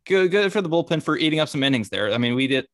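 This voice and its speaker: A man's voice: fairly high pitch, lively intonation, fast, a bit bright, no room sound, studio quality. Laid-back man chatting about baseball. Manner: casual, hesitant, many fillers. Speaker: podcast co-host. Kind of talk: casual sports chat.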